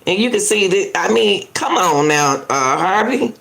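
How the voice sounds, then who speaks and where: This is a woman doing live reaction commentary, indignant and talkative. Her voice is gravelly and very lively in pitch, and her delivery is unhurried and drawn out. She keeps arguing back at the clip and turns to address her viewers. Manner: indignant, argues back at the clip, repeats herself.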